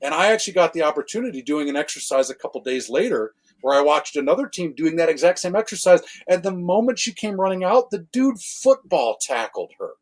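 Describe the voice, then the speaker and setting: Husky-voiced man telling cop stories. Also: fairly high pitch, a little fast, few pauses. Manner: animated anecdotes with acted quotes, self-correcting swears. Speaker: podcast guest, former law enforcement officer. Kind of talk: casual storytelling conversation.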